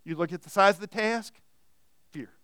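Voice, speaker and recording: A man preaching a sermon, animated and repetitive, acting out the voices he quotes. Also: high-pitched, moderate pace, clean tone, dry recording, studio quality. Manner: animated, repeats words, acts out quoted voices. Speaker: pastor.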